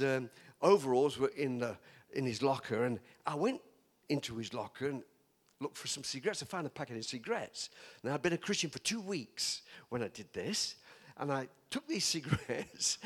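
An older man from England, preaching a chatty sermon full of stories, laughing often and teasing his listeners. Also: on the high side.

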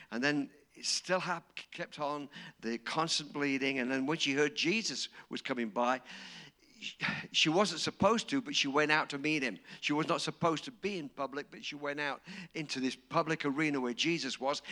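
A man preaching a sermon, dramatic and storytelling, acting out quotes and rising to shouts. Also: a little high.

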